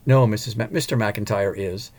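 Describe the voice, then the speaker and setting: A man reading a storybook voices a calm, polite and loyal chauffeur. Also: on the low side, normal speed, creaky.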